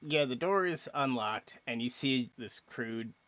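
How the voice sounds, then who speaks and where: Male game master, casual and halting, lo-fi recording. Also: mid-range voice, animated, a bit bright, dry recording. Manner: halting, full of fillers and restarts. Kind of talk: narrating a tabletop game.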